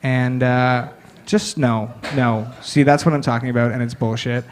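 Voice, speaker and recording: A man hosting a comedy show, introducing the next act with sardonic, brisk banter from the stage. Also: mid-range voice, steady tone, slight background noise. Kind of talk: stand-up emcee introduction. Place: comedy stage, live audience.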